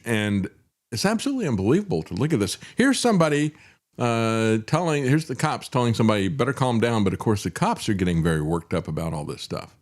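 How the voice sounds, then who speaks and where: A male talk show host giving indignant, sarcastic commentary, with frequent fillers. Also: low-pitched.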